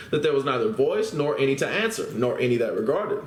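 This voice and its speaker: A man's voice: medium pitch, expressive, a little fast. A man teaching the Bible, reading scripture aloud and then explaining it in casual talk, often checking in with listeners through tag questions. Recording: roomy echo.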